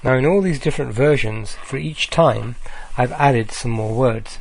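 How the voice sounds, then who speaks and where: A man giving a recorded slide lecture, speaking deliberately with frequent ums and uhs. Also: mid-range voice, vocal fry.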